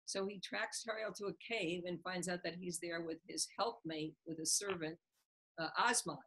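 Husky-voiced woman telling a story. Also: lowish voice, moderate pace, low-quality recording. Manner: animated storyteller, acts out the characters' lines with a laugh. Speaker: translator and author being interviewed. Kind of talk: interview, retelling a story.

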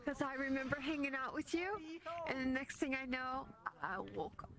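A woman's voice: sits high, animated, moderate pace, a crowd in the background. Chatty woman in crowded voice chat. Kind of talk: casual chat in a VR game.

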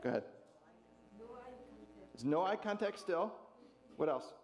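A man's voice: fairly high pitch, lively intonation, measured pace. A man pastor leading an interactive sermon with volunteers, jovial and chuckling as he asks the congregation questions.

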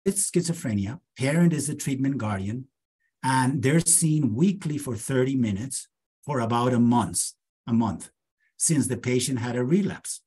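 Husky-voiced man giving a lecture. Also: medium pitch, lively intonation, a little mellow. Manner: measured, deliberate lecturing with emphatic slowdowns. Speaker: psychiatry lecturer. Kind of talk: academic lecture with case vignettes.

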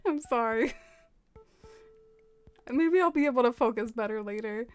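A woman's voice: a little high, expressive, slow pace, soft background music. An American woman streaming a game, chatting casually with viewers, giggling often and using lots of fillers. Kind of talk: casual chat reading out chat messages.

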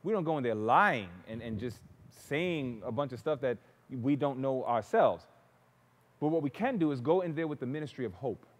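A man's voice: mid-range voice, animated, moderate pace. A man preaching a sermon, telling stories with animation and acting out the people he quotes. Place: church sanctuary. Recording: long church reverb.

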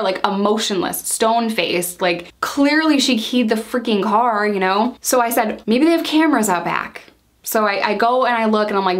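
A woman in her thirties telling a personal story in a chatty, exasperated way, quoting herself and others in quick bursts. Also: fairly high pitch, expressive. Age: 30s. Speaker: storytime vlogger. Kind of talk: casual storytelling.

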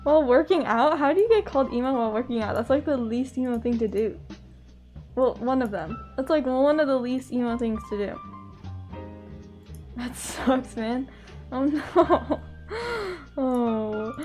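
Giggly high-voiced woman streamer. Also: unhurried, long pauses, darkish tone. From US West Coast. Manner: giggly, talks to chat, laughs often. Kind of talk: casual live-stream chat. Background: faint background music.

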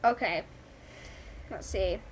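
A young woman from Canada giving chatty, excitable commentary while playing a game at home, thinking aloud. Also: medium pitch, slow pace, slight background noise. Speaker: gaming YouTuber. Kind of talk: casual gameplay commentary. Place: home room. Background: family's movie faint in background.

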